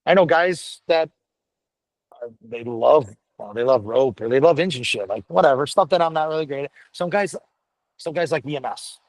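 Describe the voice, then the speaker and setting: A gruff middle-aged man speaking as a firefighter guest in a casual chat, blunt and profane, telling stories with energy. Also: fairly high pitch, moderate pace, dry recording, rough recording. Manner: blunt, profane, animated storytelling. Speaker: podcast guest, firefighter paramedic.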